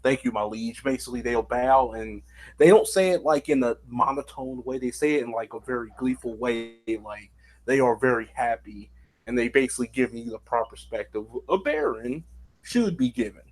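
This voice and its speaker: A man's voice: medium pitch, expressive, normal speed, a little mellow, low-quality recording. A man narrating as game master of a tabletop game, rambling and leaning on filler words. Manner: rambling, many fillers like "basically".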